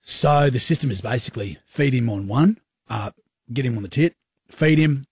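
A young Australian man co-hosting radio, telling a rambling, self-mocking story in a husky voice. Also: mid-range voice, moderate pace, darkish tone, no echo, clean studio sound. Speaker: radio co-host. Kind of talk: casual storytelling chat. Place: radio studio.

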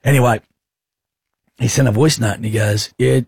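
A man's voice: mid-range voice, fairly even intonation, moderate pace, gravelly, a little mellow, breathy edge, dry recording, studio quality. A man with an Australian accent hosting radio, teasing his co-host in cheeky, mocking banter and laughing often.

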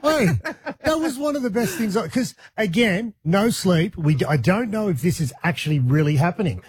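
A man's voice: high-pitched, expressive, moderate pace, husky. A man with an Australian accent hosting breakfast radio, full of playful, teasing banter. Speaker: radio host.

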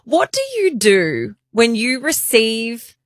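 A woman's voice: on the high side, very animated, takes it slowly, no room sound, clean studio sound. A woman in her thirties co-hosting a podcast, chatting casually and poking fun at herself with frequent laughs. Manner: chatty, self-mocking, laughs often. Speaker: podcast co-host. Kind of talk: casual chat.

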